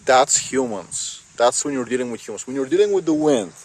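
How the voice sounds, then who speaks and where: Standing by a car in strong wind that hits the mic, a man rambles through a casual vlog, swearing a lot and saying "like" and "bro" constantly. His medium-pitched voice is fairly quick, darkish and breathy-edged, and the recording is low quality.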